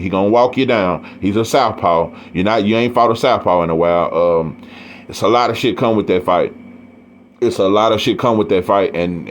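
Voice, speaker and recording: A man's voice: low voice, a little hiss or hum. Profane East Texas man ranting. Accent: East Texas Southern US. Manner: blunt, profane, heated, repeats himself. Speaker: boxing commentator. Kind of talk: ranting monologue.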